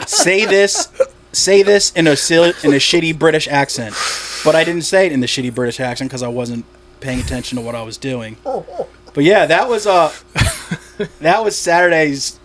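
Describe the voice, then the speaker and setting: A man's voice: on the high side, a bit bright, slight background noise. A man, a stand-up comic from Delaware, chatting on a podcast in a rambling way, laughing at his own jokes and swearing casually.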